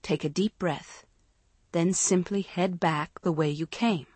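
A woman reading an audiobook, voicing a frightened teenage girl lost in dark tunnels, with gasping, high, frightened cries. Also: very slow, no room sound. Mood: shaky self-calming.

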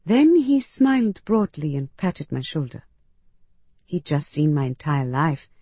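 A woman reading a first-person story aloud in a measured, expressive audiobook narration, close to the mic. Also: deep voice, husky, no echo.

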